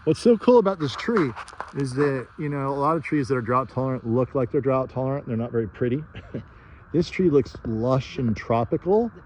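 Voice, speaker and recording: A man's voice: mid-range voice, animated, normal speed, darkish tone, slight background noise. A man hosting an outdoor chat in a yard, joking and enthusiastic as he interviews. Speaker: host, tree planter.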